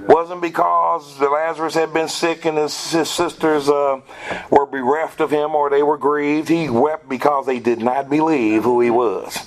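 A man's voice: on the high side, fairly even intonation, unhurried, rough recording. Man, Bible study leader, quotes scripture, asks the group questions.

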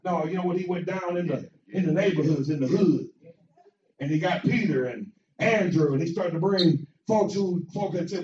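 A man's voice: high-pitched, moderate pace. Preaching man in an echoey church. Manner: preachy, repeats phrases, builds to shouts. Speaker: pastor. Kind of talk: sermon with invitation to join the church. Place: church sanctuary. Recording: echoey church sound, distant mic, dull.

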